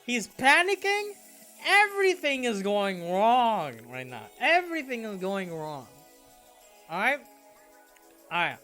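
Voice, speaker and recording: A man's voice: very high voice, big pitch swings, slow, bright, forceful tone, soft background music. A young man casually telling a story, swearing a lot and restarting his sentences. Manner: swearing freely, rambling with restarts.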